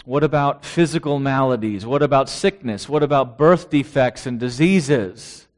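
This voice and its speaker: A man's voice: mid-range voice, normal speed. A man preaching a sermon who reads out scripture verses and asks his listeners rhetorical questions.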